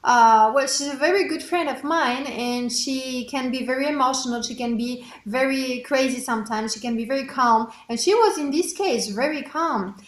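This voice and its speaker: A young French woman with a high, bright-toned voice tells a story in English with a clear French accent. Her delivery is chatty and expressive, full of little fillers. The sound carries a noticeable echo, as if she is speaking in a bare room. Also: moderate pace, hardly any pauses. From France. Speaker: French teacher. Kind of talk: casual storytelling. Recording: echoey room.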